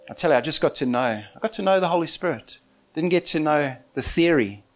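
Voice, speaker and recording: A man preaching a sermon in an animated way, often breaking into laughter as he talks. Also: on the high side, a little fast, slight background noise.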